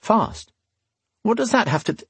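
A man's voice: high voice, sing-song, moderate pace, a bit bright, slightly rough, no echo, pitched above the performer's own voice, heavily acted. A man playing a smug, cocky young nobleman messenger in a fantasy audiobook, teasing and mock-polite. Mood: alarmed.

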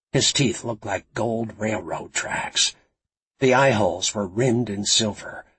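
A man reading a suspense novel aloud as narrator, dramatic and suspenseful in a gravelly voice. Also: fairly low pitch, sharp tone, rough recording. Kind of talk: scripted audiobook narration.

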